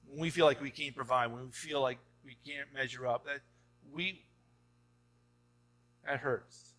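A man's voice: medium pitch, fairly bright tone. A man preaching a sermon as pastor, talking to the congregation in a conversational way and often tossing in "right?" before building to emphatic urging. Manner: rising to emphatic exhortation.

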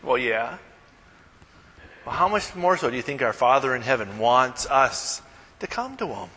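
Animated, bright-voiced male pastor preaching. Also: on the high side, in a large hall, rough recording. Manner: conversational, animated, joking asides. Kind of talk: sermon.

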